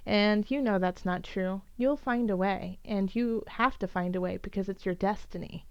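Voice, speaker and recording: A woman's voice: medium pitch, moderate pace, clear, resonant tone, no echo, lo-fi sound. A woman giving an earnest, encouraging tarot reading for each zodiac sign, with many fillers and restarts. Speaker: tarot reader.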